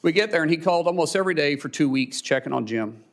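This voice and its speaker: A man testifying at a hearing, telling a personal story in a halting way, repeating words and choking up. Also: a little high, lively intonation. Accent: Oklahoma. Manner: halting, repeats words, chokes up when emotional. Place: hearing room.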